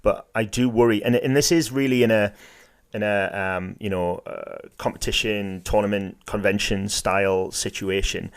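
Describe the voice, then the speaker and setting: Low-voiced man, halting podcast chat. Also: steady tone, smooth. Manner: halting, many restarts; game master who likes to do voices. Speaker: podcast co-host. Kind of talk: casual discussion.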